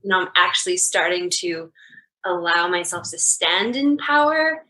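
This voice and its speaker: Woman guest, bright sharp voice, blunt and open, lots of likes and ums. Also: fairly low pitch, expressive, normal speed, low-quality recording. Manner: frank, laughs easily, hesitant with fillers. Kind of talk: candid personal conversation.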